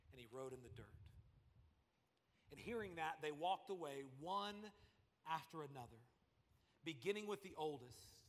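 A male pastor preaching with a dramatic sweep, moving between near-whispers and ringing emphasis. His voice sits a little high for a man and rings through a large, reverberant church hall. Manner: dramatic, swings from hushed to emphatic. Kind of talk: sermon.

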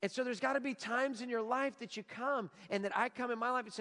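A pastor in his forties preaches in a high voice that carries a long reverb through the hall. He moves from loud, emphatic declarations to soft, prayerful passages. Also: quick pace. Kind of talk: sermon.

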